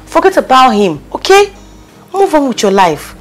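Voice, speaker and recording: An actress playing a loyal, bossy best friend with a Nigerian accent in a film drama, talking insistently and repeating herself. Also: female voice, high-pitched, very animated, moderate pace, faint music behind. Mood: reassuring. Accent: Nigerian, with Pidgin English. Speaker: consoling friend.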